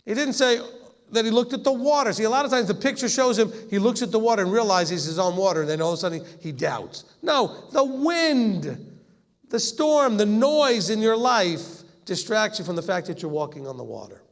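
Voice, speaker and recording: A man's voice: high voice, animated, moderate pace. A man teaching scripture in a conversational way, acting out the quoted lines and often laughing. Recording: long hall reverb.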